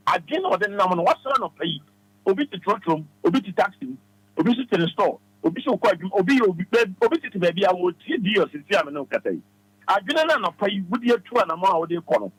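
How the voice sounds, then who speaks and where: A man's voice: sits high, very animated, fast talker, slightly rough, low-quality recording. A Ghanaian man giving advice as a radio studio guest, talking emphatically and repeating his phrases like a preacher.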